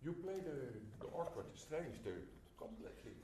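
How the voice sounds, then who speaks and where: A man's voice: fairly high pitch, big pitch swings, moderate pace, very noisy. A man teaching a clarinet masterclass, often singing phrases to show the music, in slightly non-native English. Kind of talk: masterclass coaching. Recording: roomy hall with instruments.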